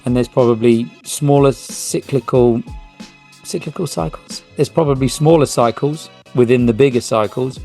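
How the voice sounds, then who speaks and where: Gravelly-voiced podcast host. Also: male voice, mid-range voice, normal speed, dark tone, faint music behind. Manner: casual, rambling, reads article text aloud with small slips. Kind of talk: solo podcast talk and reading aloud.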